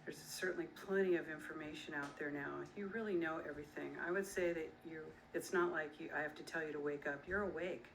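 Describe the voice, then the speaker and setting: A woman's voice: low-pitched, fast talker, hardly any pauses, slight background noise, rough recording. A middle-aged woman, an author and activist, speaking earnestly and emphatically straight to her listeners. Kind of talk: direct-to-camera talk.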